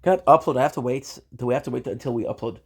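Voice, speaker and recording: A Canadian man live-streams in a casual chat, rambling playfully and speaking directly to his viewers. His voice is medium-pitched and fast with a breathy edge.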